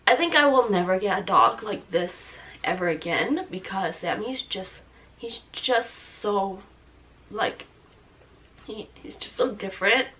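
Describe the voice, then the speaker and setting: A young woman in her twenties speaks to camera in a bright voice, halting with fillers and restarts. She sounds tearful and her throat is thick with mucus, so she clears it now and then. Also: medium pitch, animated. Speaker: vlogger. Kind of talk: personal talk to camera.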